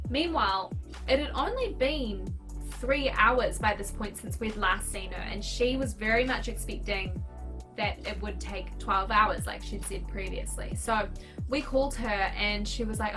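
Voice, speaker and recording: A woman in her twenties with a New Zealand accent, candidly retelling a personal story to camera in a chatty, animated way. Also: mid-range voice, unhurried, music in the background. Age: 20s. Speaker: vlogger.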